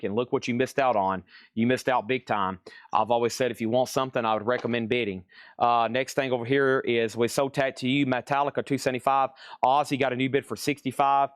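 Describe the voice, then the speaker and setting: Guy selling records on a livestream, rattling off prices, smooth clear voice, dry close sound. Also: medium pitch, dry recording. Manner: rattles off titles and prices with chatty asides. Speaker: live auction seller. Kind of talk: live-stream record sale.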